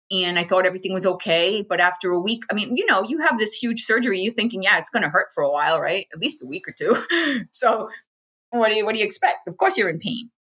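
A woman's voice: mid-range voice, fairly bright tone, slightly rough. An American woman, an interview guest, chatting frankly and casually about a personal experience and acting out what people said to her. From United States.

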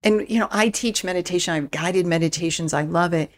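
A woman speaking as a spiritual mentor guest in a relaxed interview, calm and reflective with easy laughs. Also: on the low side, brisk. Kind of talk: casual interview chat.

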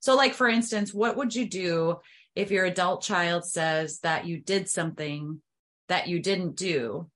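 A woman's voice: lowish voice, a little slow, fairly bright tone. A woman podcast host who asks questions and affirms her guest often. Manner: affirming, frequent mm-hmms. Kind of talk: conversational interview.

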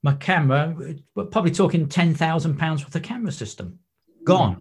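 A man's voice: fairly high pitch, fairly quick, breathy edge. A man, a wreck diver and photographer, telling stories in a podcast interview. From England. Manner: animated anecdotes with acted-out quotes.

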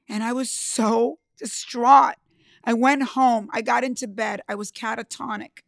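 A woman's voice: a little high, steady tone, measured pace, vocal fry, no room sound, studio quality. A woman entrepreneur telling her own story in an emphatic, emotional way, often speaking straight to the listener. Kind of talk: personal storytelling talk.

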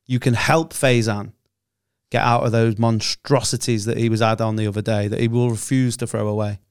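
A man's voice: fairly low pitch, steady tone, normal speed, clean tone, no room sound, clean studio sound. A man co-hosting a podcast, reading a support appeal in a mock-serious, playful way. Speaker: podcast co-host. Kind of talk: ad read.

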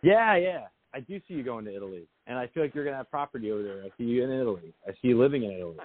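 Fast-talking male psychic show host. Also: medium pitch, lively intonation. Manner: quick, reassuring, repeats phrases. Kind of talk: call-in show readings. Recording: tinny phone line.

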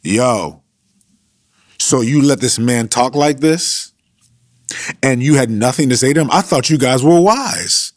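A man's voice: mid-range voice, expressive, a little slow, long pauses, no echo, studio quality, pitched above the performer's own voice, lightly acted. A man voicing a brash, streetwise young male challenger who scolds in slangy, confrontational talk.

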